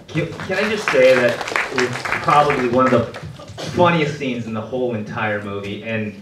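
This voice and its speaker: A man from the film's team speaks on a panel in a lively way, mimicking what other people said. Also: mid-range voice, normal speed, a crowd in the background, noisy background. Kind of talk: casual panel talk. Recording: roomy hall, distant mic.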